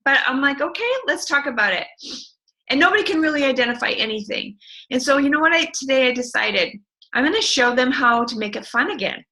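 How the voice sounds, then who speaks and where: A middle-aged woman speaking as an interview guest, telling her business story with passionate, animated enthusiasm. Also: high-pitched, fast, poor audio. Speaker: network marketing distributor, guest. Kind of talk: enthusiastic motivational interview talk.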